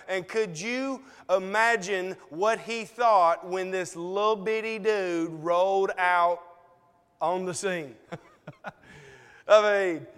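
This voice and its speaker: A man preaches slowly and deliberately, his voice sitting high and sounding smooth and clear. His delivery is folksy and conversational, broken by dramatic pauses, and his words ring with a long reverb through the hall. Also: fairly bright tone. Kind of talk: sermon. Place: church sanctuary.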